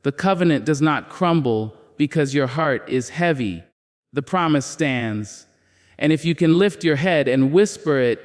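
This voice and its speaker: Slow, solemn male preacher in a reverberant hall. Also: fairly high pitch. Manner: solemn, emphatic declarations with repeated phrases. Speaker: motivational speaker. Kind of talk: preaching motivational speech.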